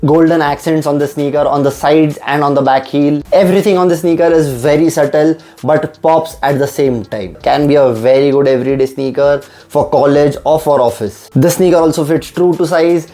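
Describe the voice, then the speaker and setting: A man's voice: a little high, fairly even intonation, normal speed, hardly any pauses, dark tone. A young man, eagerly unboxing and reviewing sneakers and often repeating how much he loves them. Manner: enthusiastic, repeats "I just love".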